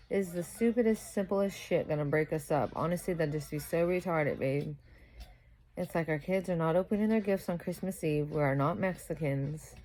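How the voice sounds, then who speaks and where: A sleep-deprived young new mother rants to the camera in a casual, profane monologue. Her voice sits a little low, and she keeps swearing as she gets heated. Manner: profane, ranting, grows louder and heated. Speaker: vlogger.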